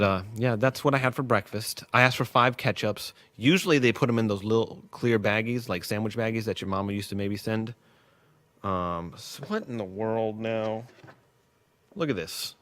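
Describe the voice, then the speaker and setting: A man's voice: fairly low pitch, a bit bright, no room sound. A man rambling casually as host of a test livestream at work, joking and losing his train of thought. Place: workplace.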